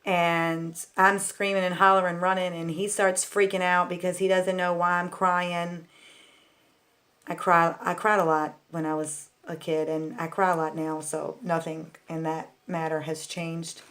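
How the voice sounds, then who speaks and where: A woman with a slightly low voice tells stories from her childhood in a loose, chatty vlog manner. She rambles and fills her sentences with "like" and "um". She talks candidly, straight to her viewers. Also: flat delivery, unhurried, a bit bright. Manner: rambling, full of "like" and "um" fillers. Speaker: vlogger. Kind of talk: casual storytelling.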